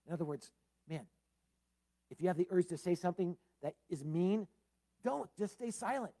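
A man preaching a sermon as pastor, swinging between loud emphasis and soft low tones, with casual asides like "man" and "uh". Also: lively intonation, normal speed, pauses often.

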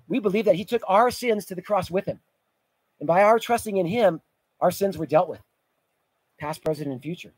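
A man's voice: high-pitched, darkish tone, husky, dry recording, poor audio. A middle-aged man preaching a sermon as pastor, telling vivid stories, his voice rising and falling in volume. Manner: storytelling preacher, rises and drops in volume.

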